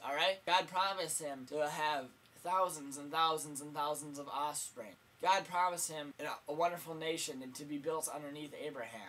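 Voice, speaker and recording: A man's voice: a little high, bright, forceful tone. A young man preaching a casual vlog sermon, earnest and plain-spoken, repeating his key points for emphasis. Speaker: vlogger preacher.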